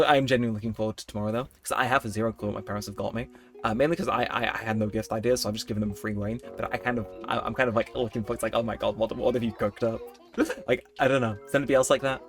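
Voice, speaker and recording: A young man talks his way through a video game in a loose, rambling, self-mocking way, often laughing at himself. His voice sits in an everyday middle register. Soft game music plays faintly behind him. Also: mid-range voice. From United Kingdom. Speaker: let's play host. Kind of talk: casual gameplay commentary.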